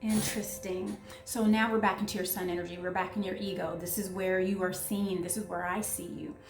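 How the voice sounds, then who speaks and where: A woman giving an excitable, gushing tarot reading, talking straight to her viewers. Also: mid-range voice, brisk, reverberant, music in the background. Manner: excitable, gushing, breathless asides. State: out of breath. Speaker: tarot reader.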